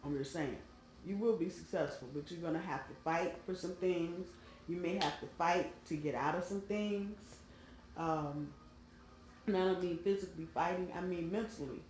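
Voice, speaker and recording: A woman's voice: on the low side, normal speed, darkish tone, reverberant, slight background noise. A woman giving a casual, rambling tarot reading, talking straight to her viewers with emphasis, recorded on a phone microphone. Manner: chatty, rambling, emphatic direct address. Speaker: tarot reader.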